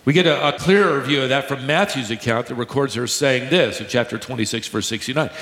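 A man preaching a sermon to a congregation, teaching emphatically, slowing down to stress key words and joking with the crowd. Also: mid-range voice, a bit bright. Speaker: pastor. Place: large church hall with a live congregation. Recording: echoey hall, long reverb.

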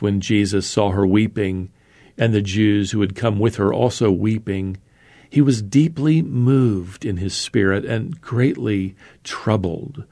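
A man teaching a sermon, earnestly reading scripture aloud with slow, emphatic pauses and calling his listeners beloved. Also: mid-range voice, vocal fry, darkish tone. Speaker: Bible teacher. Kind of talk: expository sermon.

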